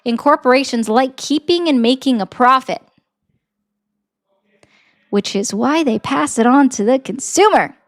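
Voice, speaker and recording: A woman political commentator, arguing and explaining at a quick, assertive clip. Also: sits high. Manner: rapid, assertive, lecturing.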